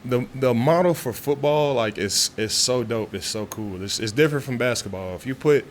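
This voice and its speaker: A man's voice: medium pitch, normal speed. A man, answering press questions after practice. He talks loosely and chattily, piling on fillers and restarting his sentences, in an ordinary mid-range voice. A faint hum sits behind him. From Texas. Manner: relaxed, talkative, frequent fillers and restarts. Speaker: football player at press conference. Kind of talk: casual press interview. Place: media room after practice.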